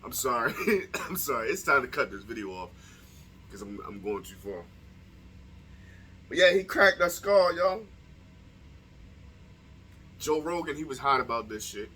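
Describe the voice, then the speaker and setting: A man's voice: mid-range voice, expressive, unhurried, pauses often, bright, forceful tone, husky. A young man delivering a heated, profane opinion monologue to his viewers, firing off rhetorical questions. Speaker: vlogger. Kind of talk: casual opinion monologue to camera.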